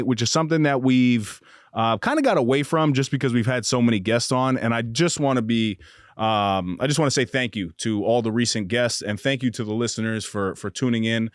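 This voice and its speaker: A young man hosts a podcast from a booth, talking casually and giving eager shout-outs with lots of "um"s and restarts. His voice sits in a middle pitch, and the sound is dry and close. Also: dry recording. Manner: upbeat, hyped shout-outs, frequent fillers and restarts. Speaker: podcast host.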